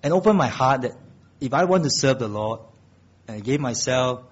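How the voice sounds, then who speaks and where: A man preaches a sermon in a slightly husky voice. He climbs to loud, emphatic peaks, then settles soft and slow on the key phrases. The recording is dull and lo-fi. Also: mid-range voice, expressive.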